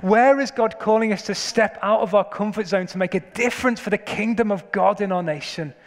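A man's voice: high-pitched, fairly quick. Man preaching a sermon in a reverberant hall. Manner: storytelling, building to emphatic questions.

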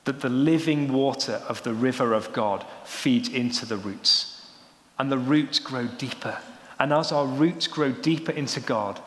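Young adult male preacher, lively storyteller, recorded in a reverberant hall. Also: mid-range voice, a little hiss or hum. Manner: animated storytelling, rising excitedly when joking. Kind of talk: sermon. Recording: roomy hall with long reverb.

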